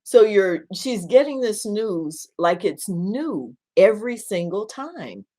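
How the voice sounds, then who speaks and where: A woman minister giving an earnest teaching talk about caregiving and telling a story, often repeating words and restarting sentences, slowing down to stress points. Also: medium pitch, sing-song, mellow.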